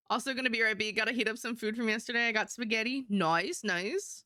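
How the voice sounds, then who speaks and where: Woman streamer, casual and chatty, laughs a lot, slightly high voice, dry close mic. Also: a little fast, hardly any pauses, bright, forceful tone, no room sound. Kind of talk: casual live-stream chat.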